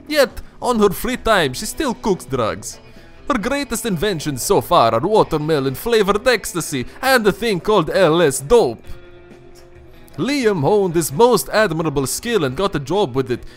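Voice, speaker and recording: A grand old vampire count tells a story in a mock Russian accent, as a man puts him on. He draws out his words theatrically. The pitch rises and falls in a lively way. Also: measured pace, faint music behind.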